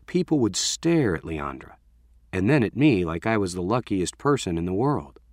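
A man narrating a first-person story as an audiobook, in an expressive storytelling way. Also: low voice, normal speed, dry recording, studio quality.

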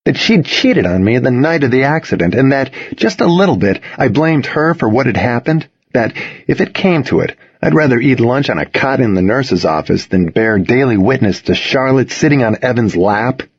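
A man reading a first-person story aloud as an audiobook narrator, with a husky tone and expressive storytelling. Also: medium pitch, normal speed, no echo. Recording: dull, dry lo-fi reading.

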